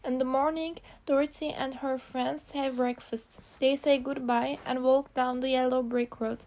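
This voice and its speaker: A woman with a high voice and a gravelly edge reads a storybook for language learners. She takes each short, simple sentence plainly and carefully, one at a time. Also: level tone, moderate pace, a little mellow. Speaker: narrator. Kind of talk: graded reader narration for learners.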